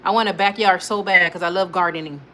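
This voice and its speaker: A woman's voice: medium pitch, fairly bright tone, a little hiss or hum. A young adult woman hosting a casual livestream, chatting, laughing often and reading viewers' comments aloud. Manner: chatty, laughs often, talks back to chat. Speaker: livestream host.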